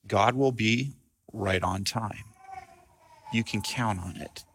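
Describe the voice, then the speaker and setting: Pastor guy giving a chatty sermon, bright punchy voice. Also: lowish voice, slow pace, slight background noise. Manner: conversational storytelling, animated.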